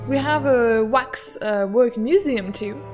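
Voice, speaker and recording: A woman's voice: a little high, takes it slowly, a little mellow, soft background music. A woman from France with a French accent, chatting and giggling as she plays a game on stream and greets her viewers. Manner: giggly, chatty, greets chat, reads lines aloud. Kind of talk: casual let's-play commentary and reading.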